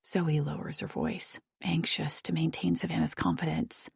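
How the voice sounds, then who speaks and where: A woman narrating an audiobook thriller in a soft, hushed reading. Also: sits low, moderate pace, creaky, hardly any pauses, husky, no echo, studio quality.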